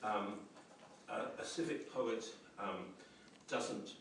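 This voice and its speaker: A man with a lowish, creaky, fairly bright voice lectures slowly on poetry at a university, musing and hesitating with many ums and restarts. Slight background noise accompanies the roomy echo of a lecture hall picked up by a distant mic.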